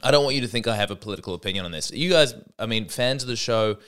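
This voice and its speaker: A man's voice: fairly low pitch, lively intonation, rapid-fire, a bit bright, clear, resonant tone. An Australian man hosting a solo podcast, talking in a rambling, sardonic, self-deprecating way. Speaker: podcast host.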